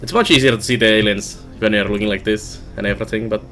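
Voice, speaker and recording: Man with a Finnish accent, low-pitched voice, musing game commentary, low-key. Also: fairly even intonation, quick pace, fairly bright tone, faint music behind. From Finland. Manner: musing, low-key chat while playing. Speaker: let's play streamer. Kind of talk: casual gameplay commentary.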